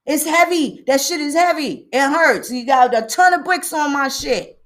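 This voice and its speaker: A woman's voice: sits high, normal speed, a bit bright. A woman hosting a livestream, ranting emphatically with a lot of profanity and greeting viewers by name. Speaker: livestream host. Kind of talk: livestream commentary.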